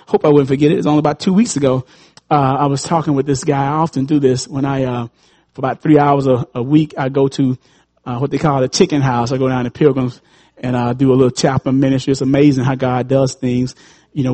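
A pastor in his fifties preaching a sermon, swinging between loud, high calls and low, quiet asides. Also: steady tone, quick pace. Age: 50s.

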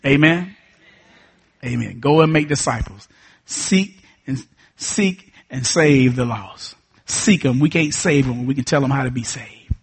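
Husky preacher man. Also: medium pitch, a little slow. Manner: emphatic, repetitive preaching with call and response. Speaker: pastor. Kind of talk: sermon.

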